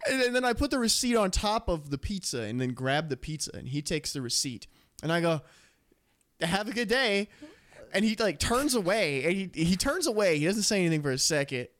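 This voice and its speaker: A man's voice: high voice, very animated, brisk, a bit bright. A young man co-hosting a podcast, telling a rambling, profane story full of laughter in casual chat. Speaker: podcast co-host.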